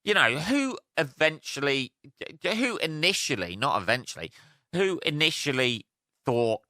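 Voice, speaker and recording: A man's voice: fairly high pitch, big pitch swings, normal speed, pushed and bright, no room sound, studio quality. A young man hosting a solo podcast, rambling and swearing as he tells jokey stories. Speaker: podcast host. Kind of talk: casual solo podcast rant.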